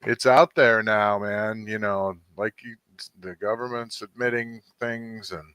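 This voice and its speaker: A man's voice: on the low side, fairly even intonation, unhurried, a bit bright, clean tone, no room sound. A man hosting a casual talk show, rambling and laid-back with plenty of fillers. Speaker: podcast host. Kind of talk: casual chat.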